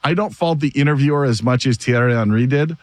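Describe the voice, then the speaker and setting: A man hosting a sports radio show, talking in a casual, animated way and laughing often. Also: medium pitch, quick pace, dry recording.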